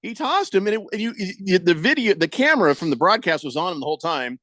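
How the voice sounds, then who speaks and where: An older man hosting sports talk radio, telling a story with animated energy and a studio mic. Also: high-pitched, quick pace, no room sound. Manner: animated storytelling, acts out quoted voices.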